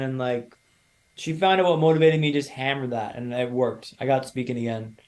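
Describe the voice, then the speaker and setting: A man in his thirties from Canada, a podcast guest telling his own story in a lively, casual way and acting out other people's lines. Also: mid-range voice, normal speed. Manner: animated storyteller, acts out quoted voices.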